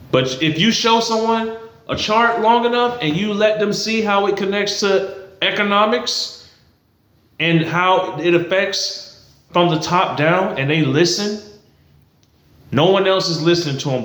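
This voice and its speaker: A man's voice: fairly high pitch, fairly bright tone, echoey room. A man giving a heated, blunt and profane political rant to camera, repeating himself for emphasis. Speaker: political commentary vlogger. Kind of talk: ranting to camera.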